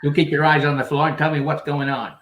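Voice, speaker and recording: A man's voice: a little high, flat delivery, quick pace, fairly bright tone, close to an everyday voice. A man playing a bumbling, awkward male noir detective in live improv comedy, talking in hard-boiled 1940s slang. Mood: flustered. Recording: echoey, noisy live stream.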